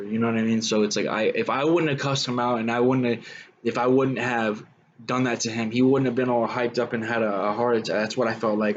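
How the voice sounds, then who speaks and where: Low-voiced man telling a rough story. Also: muffled recording, a little hiss or hum. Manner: rambling, frequent fillers like "man" and "you know". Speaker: guest telling his life story. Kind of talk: casual storytelling.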